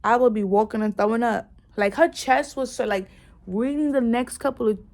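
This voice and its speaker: A woman chatting casually in a book review, retelling scenes excitedly with lots of "like"s and restarts, and cursing bluntly. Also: on the high side, moderate pace. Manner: blunt, curses freely.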